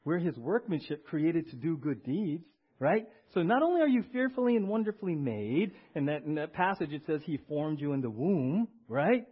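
Man, pastor, sermon, a bit high-pitched, keeps asking "right?", muffled lo-fi sound. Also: very animated, normal speed, hardly any pauses, breathy edge. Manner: conversational, tags lines with "right?" and has the congregation respond. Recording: dull lo-fi recording.

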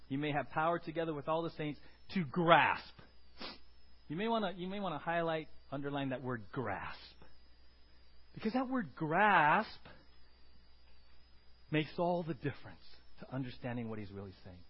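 Male pastor, sermon, husky voice, somewhat high, lo-fi church recording. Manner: preaching with swings from quiet to loud emphasis.

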